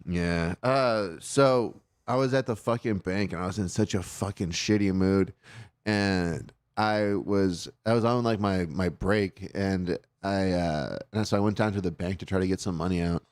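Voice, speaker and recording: Low, smooth-voiced man ranting. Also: measured pace, dry recording, clean studio sound. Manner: swears constantly, rambling rant with many fillers. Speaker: host of a call-in show. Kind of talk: casual chat, storytelling.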